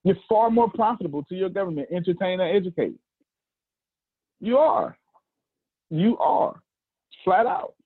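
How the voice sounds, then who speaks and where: A husky Southern American man in his forties leads a motivational call, preaching in animated bursts and circling back over his own phrases. His voice reaches us through a tinny, phone-like video call line with a close, dry sound. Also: high-pitched, measured pace, long pauses, no echo. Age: 40s. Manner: animated, preachy, repeats phrases, talks to the group. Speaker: host of a coaching call.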